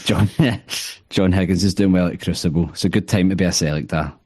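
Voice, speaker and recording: A man's voice: sits low, brisk, a little mellow, slightly rough, no echo, clean studio sound. A man joining a casual podcast chat as a guest, wry and laid-back.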